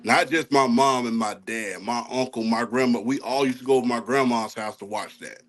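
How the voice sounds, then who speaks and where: Relaxed Southern man telling a story. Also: medium pitch, moderate pace. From American South. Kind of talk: casual podcast chat.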